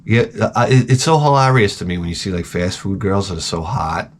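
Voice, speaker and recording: A man's voice: sits low, animated, fairly quick, a little hiss or hum. A man hosting a show, rambling through crude comedic chat and trailing off into mumbled asides. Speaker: show host.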